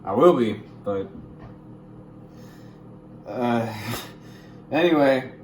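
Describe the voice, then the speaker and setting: A young man explaining money topics in a casual vlog, goofy and jokey, with sudden loud, excited bursts. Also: mid-range voice, extremely slow, echoey room, a little hiss or hum, rough recording. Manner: goofy, hyper bursts, calls viewers gamers. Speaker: YouTuber.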